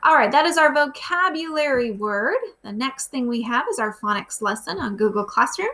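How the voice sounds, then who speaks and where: A woman's voice: sits high, animated, normal speed, sharp tone. A woman, a grade-school teacher walking her pupils through the day's lesson, asking them simple questions as she goes. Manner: patient, asks children simple questions. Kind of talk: recorded remote lesson walkthrough.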